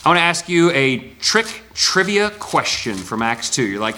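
Middle-aged male preacher, mid pitch, animated, swings from quiet to loud, roomy echo. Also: normal speed, hardly any pauses, a little hiss or hum. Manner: animated, swings from hushed to loud when voicing imagined speakers. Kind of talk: sermon.

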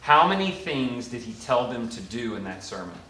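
A middle-aged man preaching a sermon, animated, dropping to a hush and rising loud as he acts out imagined voices. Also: medium pitch, normal speed, echoey room, slight background noise, low-quality recording. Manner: animated, swings from hushed to loud when voicing imagined speakers.

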